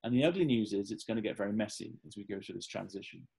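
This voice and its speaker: A husky-voiced man from the English Midlands, speaking as an interview guest. He talks fast, pitched a little low, rambling eagerly through stories with many restarts. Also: darkish tone, low-quality recording. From English Midlands, Staffordshire. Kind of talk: casual interview chat.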